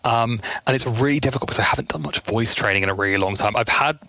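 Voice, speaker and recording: A man chatting casually on a stream from his room, animated and talkative, speaking into a headset. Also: fairly low pitch, fast, no echo. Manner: animated and chatty, speeding up in asides. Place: home room at night.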